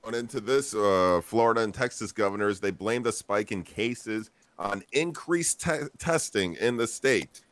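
A man's voice: lowish voice, unhurried, few pauses, fairly bright tone, dry recording. A man co-hosting a podcast in casual chat, laid-back and rambling as he brings up news items. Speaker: podcast co-host.

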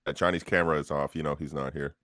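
A man's voice: rumbling low, fairly even intonation, quick pace, a bit bright, no echo, clean studio sound. A man co-hosting a podcast over a video call, chatting loosely with profane jokes and reading out stories. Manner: laid-back, profane banter. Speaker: podcast co-host. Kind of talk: casual chat.

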